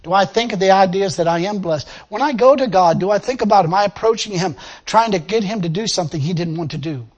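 A man preaching a lively sermon to a responding congregation, laughing often and acting out the people he quotes. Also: high voice, fast talker, few pauses. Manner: animated, laughing, acts out quotes. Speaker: pastor.

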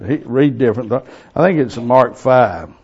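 A man preaching a sermon in a folksy, storytelling way, excitable and quick to laugh. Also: mid-range voice, slightly rough. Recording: lo-fi recording.

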